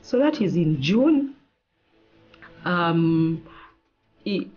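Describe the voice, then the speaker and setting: A woman lawyer, a guest in an interview, telling a personal story in an animated way and acting out the lines of the people in it. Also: low-pitched, normal speed, dull audio, faint music behind. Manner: animated, acts out quoted dialogue.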